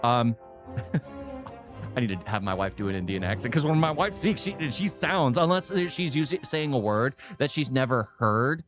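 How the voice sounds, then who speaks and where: A man's voice: medium pitch, big pitch swings, moderate pace, over music. A man hosting a reaction video, rambling casually and chuckling as he talks. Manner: rambling, self-interrupting, chuckles often.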